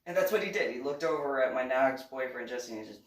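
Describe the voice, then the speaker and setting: A woman's voice: rumbling low, quick pace. A woman vlogger telling a rambling personal story in casual talk, laughing often between lines. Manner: lively, rambling anecdotal delivery. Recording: echoey room, distant from mic.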